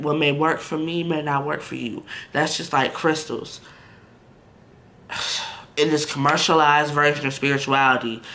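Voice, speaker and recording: This vlogger is a man whose voice sits on the high side with a sharp edge. Facing the camera in a relaxed vlog, he is frank and conversational, leaning heavily on "like" and "you know" and breaking off to address viewers directly.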